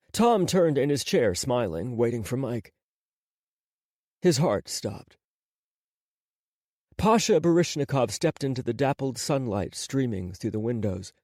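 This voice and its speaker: A man narrating an audiobook in a measured, dramatic scripted delivery on a close studio microphone. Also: mid-range voice, warm tone, dry recording.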